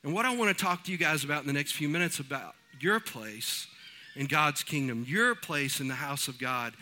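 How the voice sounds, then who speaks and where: A man preaching from the pulpit. His voice is high and very bright, with a ringing edge. He tells homespun stories in a folksy, animated way. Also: normal speed, a little hiss or hum. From East Texas. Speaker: pastor. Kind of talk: sermon.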